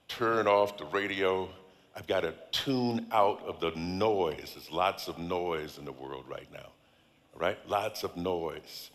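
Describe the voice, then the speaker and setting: A man's voice: deep voice, a bit bright. A middle-aged male guest preacher leading a congregation through declarations in a sermon, drawing out his words for emphasis. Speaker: guest speaker. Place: large church hall. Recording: long hall reverb.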